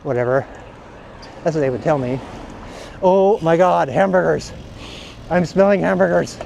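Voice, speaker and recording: Cycling vlogger, male, high mellow voice, blunt profane rant, faint outdoor noise. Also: moderate pace, creaky, highs cut off. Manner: blunt and profane, heated ranting. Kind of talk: casual ranting monologue while riding.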